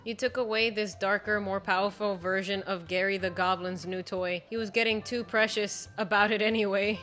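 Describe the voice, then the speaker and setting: A woman's voice: medium pitch, steady tone, moderate pace, fairly bright tone, faint music behind. A woman giving wry, casual commentary while playing a video game, often laughing and talking back to the characters. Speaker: gaming streamer.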